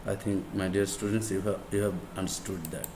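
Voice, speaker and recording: A man whose first language is Bengali, with a Bangladeshi accent, teaching English grammar in a deliberate lecture style and repeating words and examples for emphasis. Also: low-pitched, fairly even intonation. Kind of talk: slow classroom lecture. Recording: echoey room with faint background noise.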